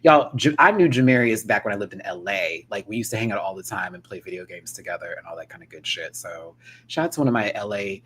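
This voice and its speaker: A man's voice: on the low side, fast, slight background noise. A man hosting a live-stream reaction, chatting casually, laughing often and mimicking people as he tells the story. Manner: animated, laughs often, mimics others in quoted asides; calls to viewers by name, affectionate. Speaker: drag show reviewer, host.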